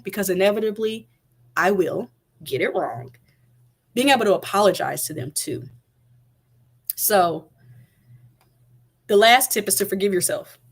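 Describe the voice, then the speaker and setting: A woman in her thirties, a mother of toddlers, giving casual parenting advice to viewers on a live stream in a direct, chatty way. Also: mid-range voice. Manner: chatty, direct, addresses viewers, many fillers like "like" and "right?".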